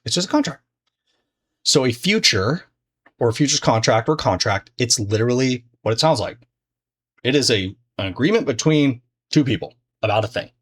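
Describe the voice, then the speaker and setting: A man's voice: mid-range voice, lively intonation, moderate pace, breathy edge. A man teaching trading in a loose, conversational way, full of fillers and restarts. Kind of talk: casual explanatory lesson.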